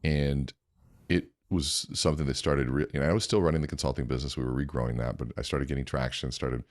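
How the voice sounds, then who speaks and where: Bass-voiced and a fast talker, this podcast guest animates his stories with energy, performing the dialogue himself. The studio-quality audio has no room sound.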